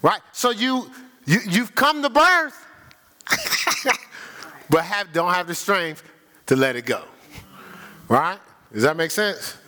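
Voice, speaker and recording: Older guy preaching, high bright voice, jokes around, swoops up and down a lot. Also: slow pace, pauses often. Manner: lively, humorous, laughing with the congregation; acts out voices of people he quotes. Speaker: pastor. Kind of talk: sermon. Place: church sanctuary.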